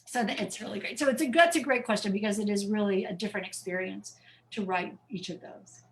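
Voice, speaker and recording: A woman author answering audience questions in a chatty, animated way on a video call, often restarting her phrases. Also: mid-range voice, brisk, slight background noise, rough recording. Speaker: author guest.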